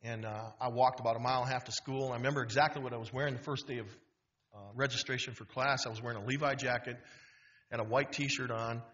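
Brief: man in his fifties, guest speaker, humorous and animated storyteller, mid pitch, muffled auditorium recording. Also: fast. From Wisconsin. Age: 50s. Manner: animated, humorous, full of restarts. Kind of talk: storytelling talk. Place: university auditorium.

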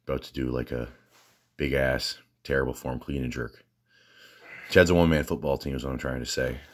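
Southern guy, extremely low voice, halting and filler-heavy, chatty gym vlogger. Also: steady tone. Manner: rambling, halting, lots of fillers and restarts. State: out of breath. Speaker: fitness vlogger. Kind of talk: casual rambling gym vlog.

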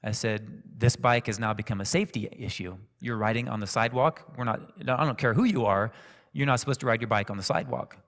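A man preaching a sermon in a church, telling a personal story in a calm, conversational way. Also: mid-range voice, fast talker. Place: church sanctuary. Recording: reverberant church hall.

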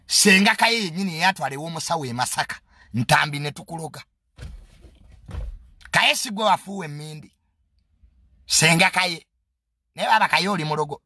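Lively, bright-voiced Ugandan man. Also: on the high side, husky. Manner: mocking, boastful, mixes English into his speech. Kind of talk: casual comedic monologue.

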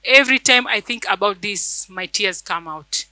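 A woman's voice: mid-range voice, normal speed, sharp tone, no echo, rough recording. A woman church elder, preaching a fervent sermon and telling a personal testimony, repeating phrases for emphasis.

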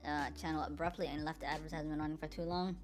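A man voicing a sly small male goblin broadcaster in a quick, flat, low-key way. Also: natural voice.

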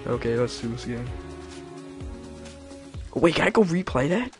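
A man giving let's-play commentary, excitable and silly, breaking into shrieking high-pitched yelps whenever he fails. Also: moderate pace, soft background music. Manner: silly self-mocking banter. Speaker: gameplay commentator.

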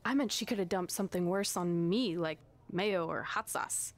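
An actress voicing a feisty, hot-tempered teenage girl wrestler in a video game cutscene, brash and quick to threaten. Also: fairly low pitch, lightly acted. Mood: calm.

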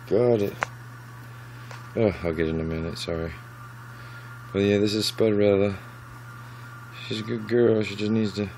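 A man talking casually about his lizards at home, softly cooing to them as he handles them on a handheld camera. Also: on the low side, slight background noise, low-quality recording. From United States. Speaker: reptile keeper. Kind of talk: casual vlog with pet updates. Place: at home among reptile enclosures.

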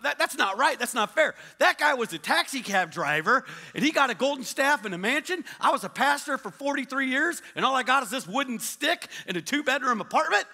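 A man's voice: very high-pitched, very animated, a little fast, hardly any pauses, bright, forceful tone, big-room sound, pitched above the performer's own voice, exaggerated voice. A man doing an aggrieved older male pastor who complains with stammering indignation, as a joke within a sermon. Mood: indignant.

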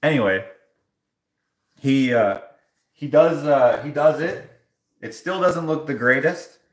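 A man's voice: on the high side, slow, echoey room. A man livestreaming casual stories from his home kitchen while washing dishes, acting out the people in them. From Canada. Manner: animated, acts out other people in his story. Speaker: live streamer.

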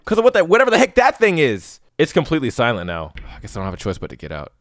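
A man playing a horror game and commenting nervously, yelling when scared and joking to cover his fear. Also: mid-range voice, wildly swooping pitch, very fast, no room sound, studio quality. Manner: yells and screams when scared. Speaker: let's play gamer.

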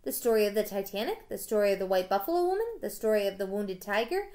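A woman's voice: mid-range voice, sing-song, fast talker, mellow, lightly acted. A woman reading aloud, voicing a friendly ten-year-old apprentice boy in an eager, cheerful way.

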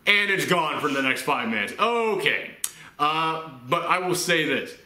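A man's voice: fairly high pitch, animated, unhurried, pushed and bright. A man from the Southern United States giving a casual film review, chatty, with laughing asides and acted-out quotes. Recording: roomy echo.

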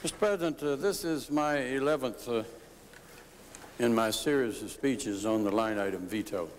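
An older man giving a formal historical lecture as a senator on the chamber floor, measured and deliberate with pauses. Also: mid-range voice. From United States. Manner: measured, deliberate delivery with frequent pauses and "uh" fillers. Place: legislative chamber. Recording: broadcast chamber audio with long reverb and faint noise.

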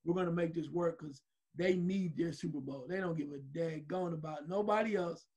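A man co-hosting a sports talk show, joking in an animated way with a husky voice. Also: a little high, normal speed. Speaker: co-host.

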